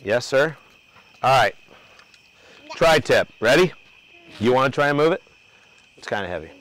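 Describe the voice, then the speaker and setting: A man's voice: medium pitch, lively intonation, moderate pace, a bit bright, low-quality recording. Joking man hosting a grilling demo. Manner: loose, joking, talks to crew and viewers. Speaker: cooking show host. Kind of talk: casual outdoor grilling demo. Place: outdoor grill area.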